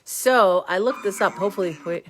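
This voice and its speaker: A woman's voice: medium pitch, fairly quick, a little hiss or hum. A woman reading a picture book aloud to listeners, chatty and laughing often between the lines.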